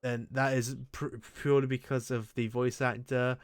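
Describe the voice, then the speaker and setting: A man's voice: medium pitch, level tone, moderate pace, clean tone, no echo, clean studio sound. A man hosting a casual chat, rambling and crude with frequent restarts. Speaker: show host. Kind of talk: casual chat ranking anime.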